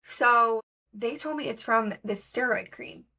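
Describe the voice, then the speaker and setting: A woman's voice: a little high, unhurried, creaky, sharp tone. A young woman co-hosting a podcast, telling stories in a casual, chatty way full of fillers. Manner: chatty, lots of fillers, storytelling. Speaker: podcast co-host. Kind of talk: casual chat.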